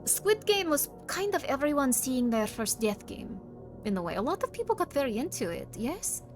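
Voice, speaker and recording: A woman streamer putting on a stern voice with a thick mock German-Russian accent, dropping articles and speaking in a flat, deadpan way as she chats with her viewers. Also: medium pitch, over music, lightly acted. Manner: drops articles, slow, deadpan menace played for laughs. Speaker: streamer reading chat. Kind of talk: live stream chat.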